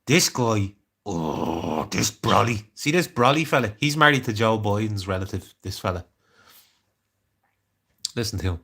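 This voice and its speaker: A man's voice: on the low side, animated, measured pace, long pauses, pushed and bright, husky. An Irish man chatting casually on a live stream, rambling and greeting viewers by name. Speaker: livestreamer.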